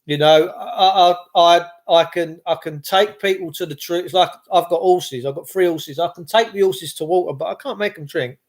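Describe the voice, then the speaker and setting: Man, middle-aged, high-pitched, rambling, impassioned, repetitive. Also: normal speed, hardly any pauses. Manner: impassioned, repetitive, with frequent restarts. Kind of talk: rambling monologue to camera.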